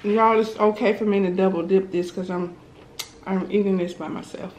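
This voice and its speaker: A woman's voice: medium pitch, fairly even intonation, moderate pace, a little mellow, muffled recording. A woman vlogger chatting casually to viewers while eating, sometimes talking with her mouth full. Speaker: mukbang vlogger. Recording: roomy echo with faint background noise.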